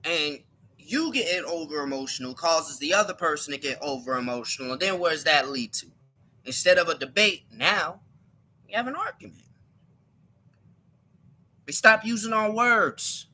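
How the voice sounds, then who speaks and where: A man's voice: on the high side, expressive, normal speed, long pauses, pushed and bright. A man giving an emphatic opinion monologue on his live stream, often repeating and restarting his words.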